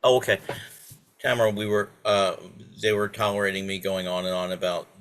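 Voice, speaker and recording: A man on a video call, talking at length in a halting way with many restarts. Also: on the low side, level tone, fairly bright tone, clean tone. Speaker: participant. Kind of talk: casual video call chat.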